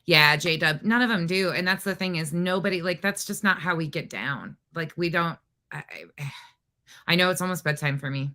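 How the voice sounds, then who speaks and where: A woman's voice: on the low side, normal speed, bright, forceful tone. A woman hosting a casual livestream from home, talking in an exasperated, rambling way with lots of restarts. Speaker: livestream host.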